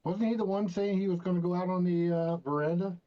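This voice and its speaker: Quick-talking male player, lo-fi mic. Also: sits high, fairly even intonation. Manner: curious, asking questions. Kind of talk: casual game chat. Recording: dull lo-fi mic with faint noise.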